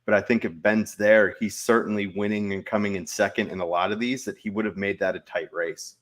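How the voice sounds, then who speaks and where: A man co-hosting a casual recap show, relaxed and agreeable in his replies. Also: fairly low pitch, brisk. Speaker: after-show co-host.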